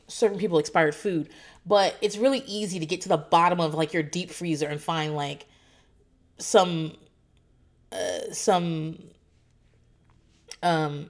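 A woman in her thirties telling a story in a casual vlog, animated and profane, acting out what others said. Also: fairly low pitch. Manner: animated, swearing, quotes others in voices. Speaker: foster parent telling a story.

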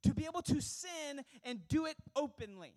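A man's voice: very high voice, lively intonation, moderate pace, darkish tone. A young man preaching as a pastor, earnest and emphatic, asking the congregation rhetorical questions. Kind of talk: sermon.

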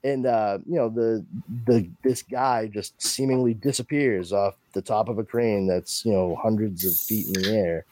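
A man on a podcast rambles through a story recap, stopping to act out quotes. His voice is low and mellow. The close mic is dry. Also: normal speed, dry recording. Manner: rambling recap, lots of fillers and acted-out quotes. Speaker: podcast host. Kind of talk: casual chat.

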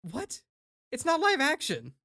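A man co-hosting a casual chat, animated and opinionated, laughing often and swearing freely. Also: very high voice, unhurried. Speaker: podcast co-host.

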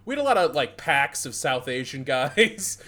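A young man from Michigan talking casually as a podcast co-host. He rambles through old retail stories, swearing freely and laughing as he goes. His voice sits at an ordinary pitch for a man. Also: big pitch swings, moderate pace, bright, forceful tone. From Southeast Michigan. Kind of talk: casual chat.

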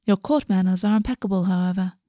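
A woman reading a storybook and voicing an older fae woman mentor who speaks softly and fondly. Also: medium pitch, fast talker, dry recording, studio quality, natural voice. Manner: soft, warm, murmuring.

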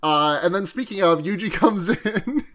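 A high-voiced man rambles through an anime recap in casual chat, his delivery excitable and loose. He swears freely and quotes the characters without fully acting them out. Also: moderate pace. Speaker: podcast co-host recapping anime.

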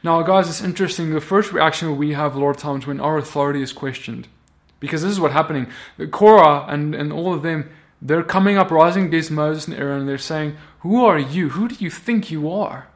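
A man's voice: fairly high pitch, fairly quick. A man teaching a Torah portion in a sermon, talking animatedly and often acting out the biblical figures' words in character. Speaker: Bible teacher.

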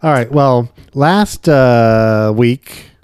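A man's voice: mid-range voice, drawn-out words, darkish tone, smooth, dry recording, studio quality. A man co-hosting a comedy podcast, rambling and hesitant in a casual chat and giggling often. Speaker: podcast co-host.

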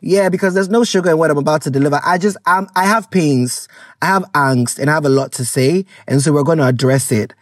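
A woman from Ghana with a Ghanaian accent hosting a casual solo podcast, animated and exclamatory, mixing English with Twi. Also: deep voice, quick pace, dry recording, clean studio sound. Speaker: podcast host.

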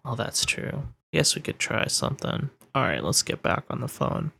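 A man hosting an improvised comedy call-in show, answering callers with easygoing, deadpan replies. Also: medium pitch, moderate pace, vocal fry, a little hiss or hum.

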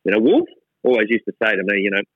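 Here a middle-aged Australian man who co-founded a gin company talks as an interview guest in the distillery lab, with a fairly low, sing-song, breathy voice delivered rapid-fire. He's casual and irreverent, given to self-mockery and many restarts. The sound is dry, narrow and tinny.

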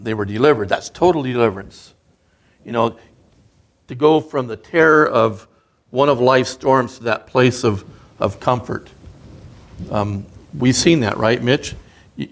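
A man preaching a sermon as a guest speaker, in an earnest, conversational way that builds in emphasis. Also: medium pitch.

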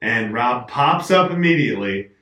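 Bright-voiced man telling a story. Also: medium pitch, moderate pace. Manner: animated storyteller, acts out quotes. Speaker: podcast host telling a story. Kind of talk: casual chat, anecdote. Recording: roomy, mic at a distance.

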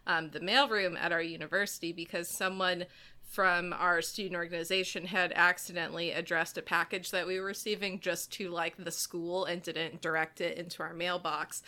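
A woman's voice: fairly low pitch, fairly even intonation, normal speed, bright, forceful tone. A woman telling a story in casual conversation, talking loosely with lots of fillers. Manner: chatty, many "like" fillers, rising into laughs. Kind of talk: casual chat.

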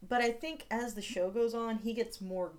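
A woman's voice: on the high side, fairly even intonation, normal speed, a little mellow. A woman co-hosting a podcast in casual chat, talking in a chatty way with lots of filler words. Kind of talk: casual chat recapping a TV episode.

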